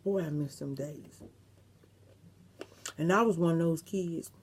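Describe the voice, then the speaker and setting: A woman's voice: low voice, a little slow, slight background noise. A middle-aged woman vlogger, chatting casually and reminiscing to her viewers, with some salty language. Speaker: mukbang vlogger.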